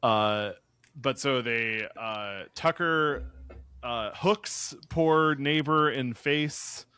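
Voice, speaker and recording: A man's voice: medium pitch, drawn-out words, sharp tone, clean tone, no echo, clean studio sound. A man co-hosting a podcast, recapping a horror film plot in casual chat, with many ums and uhs. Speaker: podcast co-host.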